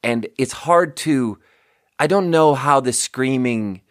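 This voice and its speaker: A man's voice: medium pitch, takes it slowly, dry recording, clean studio sound. A man hosting a podcast, rambling casually, swearing often and laughing at his own jokes. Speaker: podcast host. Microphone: close studio mic.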